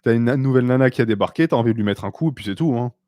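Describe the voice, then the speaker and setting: A man's voice: mid-range voice, expressive, racing, warm tone, dry recording, clean studio sound. Blunt, sarcastic male stream host. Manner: blunt, sarcastic, switches between English and French. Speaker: host answering viewer questions. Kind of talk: casual live-stream Q&A.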